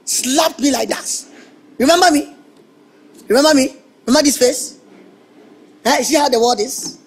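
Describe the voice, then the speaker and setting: A man playing an excitable young electrician who stammers and protests dramatically. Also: very high-pitched, moderate pace. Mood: taunting. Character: excitable young male electrician, indignant and mocking. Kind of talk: Nollywood film acting.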